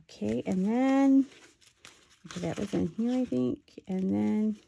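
A woman chatting excitedly while unboxing a craft swap package, with self-deprecating asides. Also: mid-range voice, a little slow, gravelly, slight background noise. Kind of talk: casual unboxing commentary. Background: paper crinkling and clicks.

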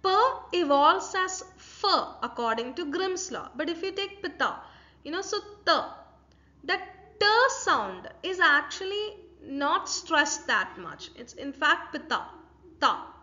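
A woman's voice: high voice, sing-song, slow pace, pushed and bright. A woman with an Indian English accent giving a university lecture, explaining step by step and asking rhetorical questions. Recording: dull lo-fi recording.

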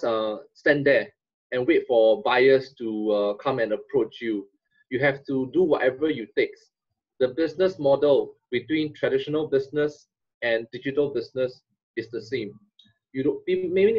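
Man, e-commerce consultant, husky voice, direct explaining, muffled lo-fi webinar audio. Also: medium pitch. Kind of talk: webinar presentation.

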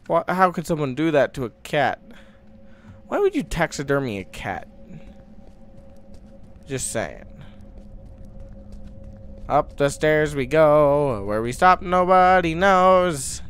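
A young man talks his way through a horror game at a very slow, drawn-out pace. His pitch swings widely as he mutters to himself and breaks into startled outbursts. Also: a bit bright, clear, resonant tone. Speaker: gaming YouTuber.

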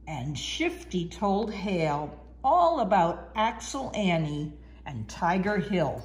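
A woman reading a children's storybook aloud in an expressive, sing-song way. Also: on the low side, slow. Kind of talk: children's book read-aloud.

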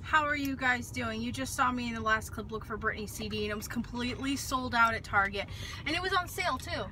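A woman's voice: a little high, brisk, background noise. A young woman in her twenties casually vlogging while out shopping, rambling and chatty, swearing freely. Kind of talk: casual vlog chat. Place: shopping mall and car.

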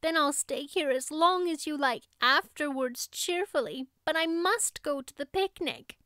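Woman doing a high pleading young girl. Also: a little slow, pushed and bright, no echo, clean studio sound. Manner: pleading, breathless, high and urgent.

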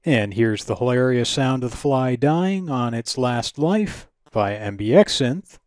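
A man's voice: mid-range voice, animated, measured pace, a little mellow, dry recording. A man hosting a retro computing channel, narrating a scripted review in a dry, wry, analytical way.

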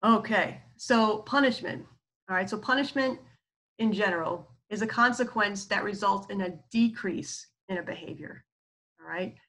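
A woman's voice: medium pitch, normal speed, fairly bright tone. A woman psychologist giving a casual lecture on therapy skills, chatty, with lots of fillers and acted-out quotes. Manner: chatty, many fillers and asides, acts out quoted speech.

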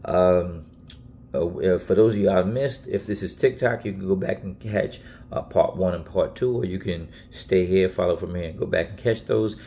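A man's voice: low voice, normal speed, warm tone, slight background noise. A man preaching in a casual Bible teaching video, earnest and emphatic, often repeating himself and restarting phrases.

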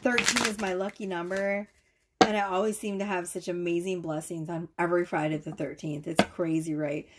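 A woman giving a casual tarot reading to camera, gushing and excitable, swearing freely as she talks. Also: fairly low pitch, normal speed, noisy background. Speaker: tarot reader.

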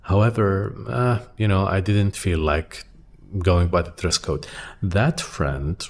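Podcast host, male, very low voice, unhurried and reflective delivery, faint hiss behind. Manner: thoughtful, hesitant, with restarts and soft trailing phrases. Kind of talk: reflective solo monologue. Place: quiet room. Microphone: studio microphone.

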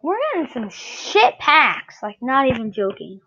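A woman's voice: fairly high pitch, big pitch swings, a little slow, sharp tone, slightly rough, highs cut off. A woman doing casual game commentary while opening card packs, swearing freely and shrieking whenever a good player shows up. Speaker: gaming video creator.

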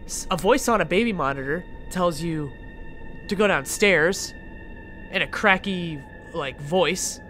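A man's voice: high-pitched, expressive, measured pace, sharp tone, soft background music. A young man commentating a horror game he is playing, joking around, swearing and yelping at the scares. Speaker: gaming channel host.

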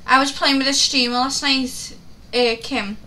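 A woman's voice: high-pitched, fairly even intonation, unhurried, bright, forceful tone. A woman, a streamer telling stories in casual chat over a game and laughing often. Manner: chatty storytelling, laughs often.

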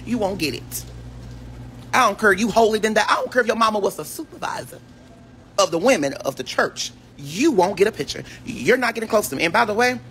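A man's voice: a bit bright, slight background noise. Sassy shrieking man on a livestream. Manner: flamboyant, sassy, with shrieks and sudden high exclamations. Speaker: social media personality on a livestream. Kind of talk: casual livestream rant.

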